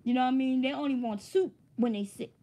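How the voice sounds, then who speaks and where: A woman's voice: high-pitched, quick pace, dark tone. A woman hosting a casual livestream, who chats loosely, laughs often and swears freely. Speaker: livestream host.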